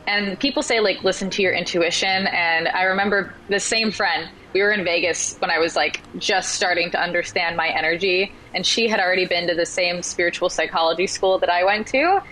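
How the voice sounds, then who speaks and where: Chatty bright-voiced woman telling stories. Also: lowish voice, fairly even intonation, brisk, hardly any pauses, a little hiss or hum, low-quality recording. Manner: chatty storyteller, acts out quoted voices, says "like" often. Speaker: podcast guest. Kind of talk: casual interview chat.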